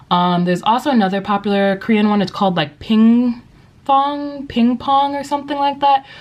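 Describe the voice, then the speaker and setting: A young woman who teaches English, giving casual advice in a vlog, chatty and upbeat with lots of likes and you-knows. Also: lowish voice. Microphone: compact vlogging camera.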